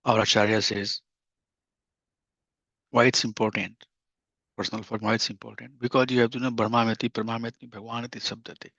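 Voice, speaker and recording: A man's voice: on the low side, level tone, fairly quick, gravelly, long pauses, fairly bright tone, dry recording. Earnest man teaching scripture, dry lo-fi. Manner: earnest teaching tone, quotes scripture, repeats key phrases. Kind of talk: scripture class lecture. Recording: dull lo-fi dry recording.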